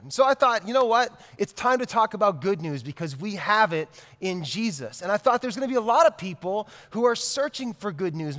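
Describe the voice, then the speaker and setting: A man's voice: high-pitched, a bit bright. A male pastor in his thirties preaching a sermon in a conversational way, repeating key lines for emphasis. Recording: long hall reverb.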